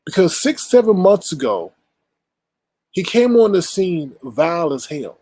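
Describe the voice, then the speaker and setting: Husky-voiced man ranting bluntly. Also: sits high, very animated, normal speed, pauses often, a little mellow, rough recording. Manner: blunt, exasperated, rhetorical, profane. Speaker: commentary channel host. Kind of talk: casual ranting commentary.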